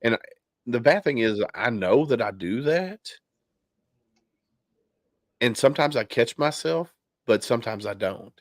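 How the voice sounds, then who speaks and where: A man's voice: medium pitch, animated, unhurried, long pauses, dry recording, clean studio sound. A man hosting a casual podcast chat, candid and loose, with plenty of restarts and fillers. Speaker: podcast host. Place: home basement.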